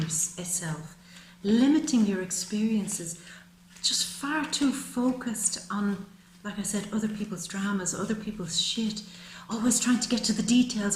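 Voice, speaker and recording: A woman's voice: fairly high pitch, a little mellow. Woman giving an intimate tarot reading. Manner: soothing, emphatic, calls the listener "baby" and "my love". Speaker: tarot reader. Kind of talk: monthly tarot reading to camera. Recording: roomy with faint ambient noise.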